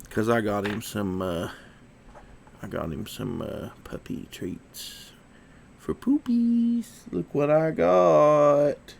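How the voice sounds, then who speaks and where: Sniffling from allergies, an easygoing man hosts a casual livestream, chatting away and coaxing his dog. His voice is lowish and creaky, and there's a slight hiss or hum in the audio.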